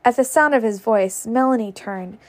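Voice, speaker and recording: A woman's voice: fairly high pitch, normal speed. A woman reading a classic novel aloud casually, stumbling over words now and then. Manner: stumbles and laughs at slips. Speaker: reader.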